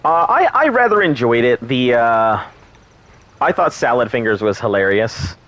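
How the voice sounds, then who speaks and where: A man's voice: mid-range voice, big pitch swings, normal speed, fairly bright tone. A man streaming a survival game, chatting in a rambling, crude, joking way. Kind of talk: casual gameplay commentary.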